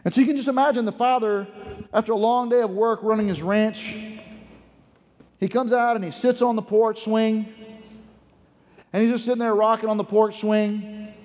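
A high-voiced man preaches a sermon, telling a story with dramatic swings from hushed and slow to fast and loud. His voice carries a long reverb through the sanctuary. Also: steady tone. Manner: dramatic storytelling with sweeping swings in pace and loudness.

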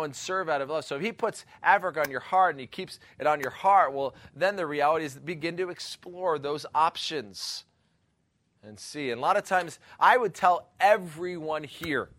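A man's voice: on the high side, a bit bright. A male pastor giving an earnest, rambling teaching talk on missions, often laughing and exclaiming.

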